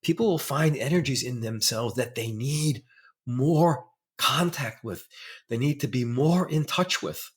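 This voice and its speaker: A man's voice: medium pitch, a little slow. A middle-aged man speaking as a therapist guest in a conversational interview, earnest and emphatic, explaining ideas through examples.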